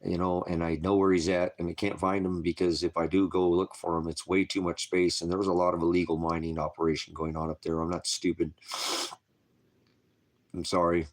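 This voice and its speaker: Brief: low-voiced grieving father, tearful and pleading, cracking up on camera. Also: flat delivery, a little fast. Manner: distraught, voice breaking, pleading and self-blaming. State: crying, struggling to keep composure. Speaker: father making a video appeal. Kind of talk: emotional personal video message.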